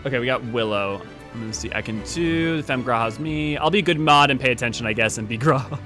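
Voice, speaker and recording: A man's voice: mid-range voice, fast talker, bright, forceful tone, soft background music. A man hosting a game live stream, chatting casually with viewers in a rambling way while he organizes a group. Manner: rambling, talks to chat while organizing a party.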